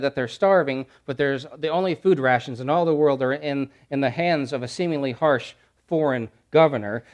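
A man delivers a sermon from the pulpit, his mid-pitched voice swelling into loud, insistent repeated phrases. He then pulls back to hushed, slower lines for weight. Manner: preaching with swelling emphatic repetition and dramatic drops to quiet. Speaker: pastor.

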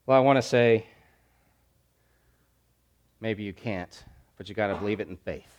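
A man preaching a sermon, building to loud emphatic repeated phrases, then dropping to quiet, soft lines. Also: lowish voice, a little slow. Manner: preaching with swelling emphatic repetition and dramatic drops to quiet. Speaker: pastor.

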